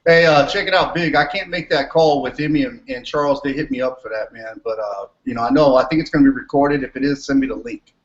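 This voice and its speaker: A man's voice: medium pitch, quick pace. A man chatting casually on a group video call, friendly and slangy. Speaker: panel member. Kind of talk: casual chat. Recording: roomy dull call audio.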